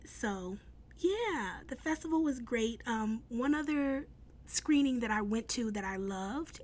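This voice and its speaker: A young adult woman blogger telling a casual story, upbeat and chatty, full of fillers and restarts. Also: fairly high pitch.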